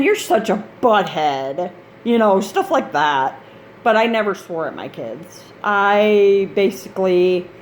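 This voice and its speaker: A woman's voice: mid-range voice, slight background noise. A woman, a mother of grown kids, chatting in a rambling, casual vlog style about gaming gear, laughing often. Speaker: gaming channel host.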